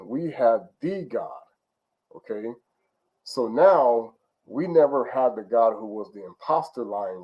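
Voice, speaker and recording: A man's voice: lowish voice, a little mellow, lo-fi sound. A man giving an informal spiritual teaching, rambling with many fillers and restarts and often checking in with "okay?".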